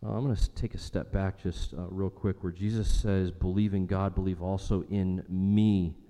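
A man preaching a sermon earnestly, repeating phrases for emphasis and slowing down on key lines. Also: low voice, fairly even intonation, warm tone. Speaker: pastor. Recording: long hall reverb.

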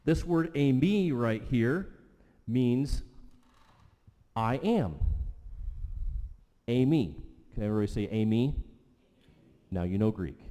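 Mellow-voiced man preaching in a hall. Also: mid-range voice. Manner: conversational, repeats okay and right. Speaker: pastor. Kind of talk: sermon teaching with audience questions. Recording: long hall reverb.

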